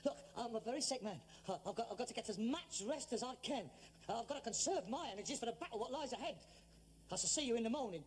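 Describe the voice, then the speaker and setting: An actor playing a frustrated grown son who believes he is gravely ill, talking in an exasperated, theatrical, self-dramatising way, in 1960s television sitcom acting. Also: extremely high pitch, expressive, fast talker, slight background noise. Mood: aggrieved.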